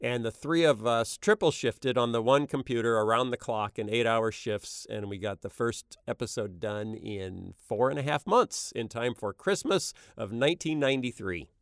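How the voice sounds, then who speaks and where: Middle-aged man, smooth tone, dry close sound, animated casual storyteller. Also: mid-range voice, moderate pace, few pauses, dry recording. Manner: animated, slips into character voices while telling stories. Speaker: animation creator being interviewed.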